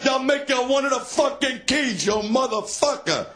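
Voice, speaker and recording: A male stand-up comedian doing crowd work, taunting and insulting people in the audience with crude jokes, shouting and laughing at times. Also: very high voice, expressive, moderate pace, soft background music.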